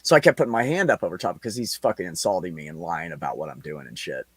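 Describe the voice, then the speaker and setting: A man's voice: deep voice, quick pace, breathy edge, no echo. A man in his forties, a podcast host telling a story in casual, heavily profane chat. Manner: profane, animated anecdote with laughs.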